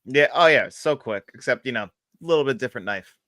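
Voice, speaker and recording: A man's voice: mid-range voice, lively intonation, quick pace, sharp tone, no echo, clean studio sound. A man co-hosting a movie podcast, talking casually and easily agreeing with his co-host. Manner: easygoing, agreeing, laughs often. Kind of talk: casual movie review chat.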